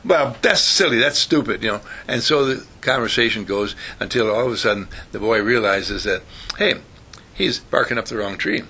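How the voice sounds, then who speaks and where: A man's voice: lowish voice, normal speed, breathy edge. An older man giving a folksy motivational talk, telling stories and acting out the voices of the people in them. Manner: animated storyteller who acts out quoted voices.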